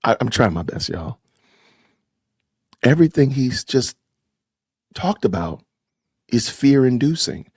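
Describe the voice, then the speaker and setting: A man hosting a podcast, reacting to a sermon clip with sarcastic, animated commentary aimed straight at his listeners. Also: medium pitch, slow pace, long pauses, slightly rough, no echo, clean studio sound. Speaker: podcast host.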